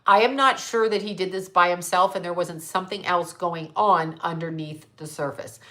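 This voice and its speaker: A woman's voice: lowish voice, moderate pace, fairly bright tone. A middle-aged woman from Canada hosting a psychic livestream, ranting bluntly with heavy swearing and answering viewer comments. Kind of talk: livestream monologue.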